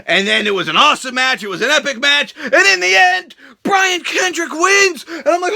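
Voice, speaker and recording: A young man hosting a wrestling review vlog, ranting crudely and sarcastically with occasional shouts. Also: very high-pitched, very animated, a little fast, gravelly. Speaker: show host reviewing wrestling.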